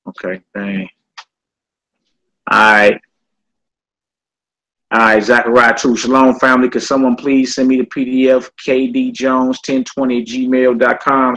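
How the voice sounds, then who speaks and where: A man's voice: medium pitch, vocal fry, low-quality recording. A man, teaching a casual live-streamed class and chatting with viewers as he goes. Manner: relaxed, chatty, talks to viewers as family.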